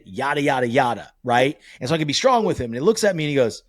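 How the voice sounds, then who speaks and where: Male podcast host, thirties, mid pitch, lively storyteller, dry close mic. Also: fast talker, few pauses, no room sound. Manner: animated storyteller, swears freely. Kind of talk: casual conversational podcast.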